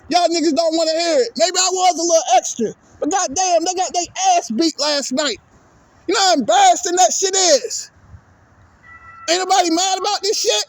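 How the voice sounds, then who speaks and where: High-pitched man ranting, fed up. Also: dry recording. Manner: profane, exasperated, repetitive ranting. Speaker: vlogger. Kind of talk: angry sports rant.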